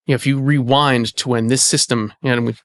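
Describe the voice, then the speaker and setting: A man, an archivist hosting the conversation, explaining in a relaxed way with lots of "you know" fillers. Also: mid-range voice, fast talker, no room sound. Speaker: archivist and host. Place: indoor archive space.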